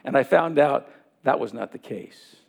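A man's voice: mid-range voice, animated, moderate pace, gravelly. A man preaching a sermon, telling a personal story and acting out the dialogue in it.

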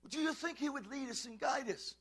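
A male pastor preaching fervently in a church, swinging from shouts to quiet asides and calling out to his congregation. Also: very high-pitched, fairly quick. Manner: addresses congregation, calls and repeats. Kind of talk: preaching a sermon.

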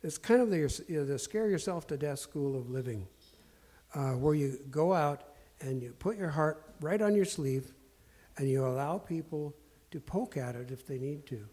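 Man, storytelling talk, earnest and self-deprecating, many fillers, warm mellow voice, slightly high. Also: expressive, normal speed. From Portland area. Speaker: speaker sharing life lessons.

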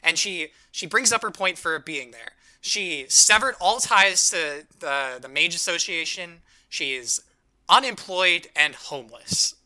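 A man's voice: a little high, pushed and bright. A man co-hosting a podcast, retelling a story in casual chat full of "like" and quoted lines. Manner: rapid, filler-heavy retelling with quoted voices. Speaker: podcast co-host.

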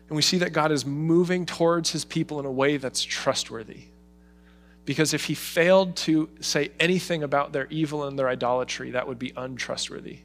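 A man's voice: on the high side, brisk, soft background music. A man preaching a sermon, talking with feeling and putting heartfelt pleading into the words he gives to God. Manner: expressive, voices God's pleading in emotional asides. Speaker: pastor.

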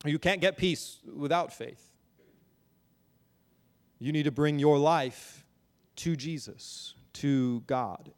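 Preaching earnestly from the pulpit of a church sanctuary, a pastor builds emphasis and often repeats words. His fairly high voice moves slowly with long pauses, and the recording has a big-room sound.

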